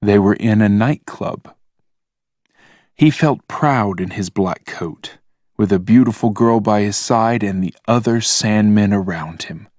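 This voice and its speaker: Slow, deliberate male storyteller. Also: fairly low pitch, dry recording, clean studio sound. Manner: calm, plain, deliberate. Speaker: narrator. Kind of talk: slow scripted narration for language learners.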